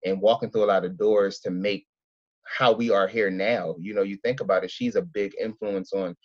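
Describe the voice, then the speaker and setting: A man from Philadelphia, an event organizer, telling his story in a casual interview, rambling and excitable with many restarts. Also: on the low side, normal speed, dry recording, highs cut off.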